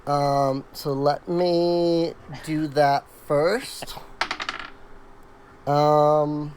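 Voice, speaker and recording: Slow, halting woman running a tabletop game. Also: low-pitched, level tone, a little mellow, slight background noise, low-quality recording. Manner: halting, many fillers and restarts. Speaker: game master.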